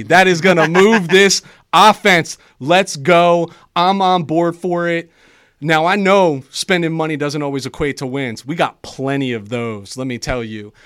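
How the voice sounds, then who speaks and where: A man's voice: a little high, fairly bright tone. A man delivering a fired-up, boastful football fan rant as a co-host on a sports talk show.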